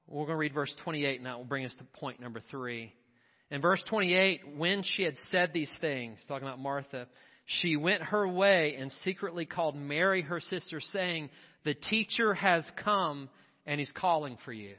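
High-voiced man preaching in a reverberant sanctuary. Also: moderate pace. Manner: impassioned preaching with rising, repeated refrains. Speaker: pastor. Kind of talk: sermon. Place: church sanctuary. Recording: dull audio with long hall reverb.

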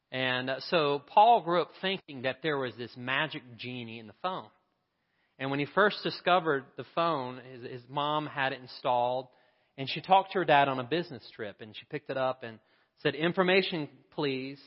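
A man telling a story in a sermon, lively and acting out the voices of its people. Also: medium pitch, big-room sound, muffled recording. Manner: animated, acts out the voices in his story. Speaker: preacher.

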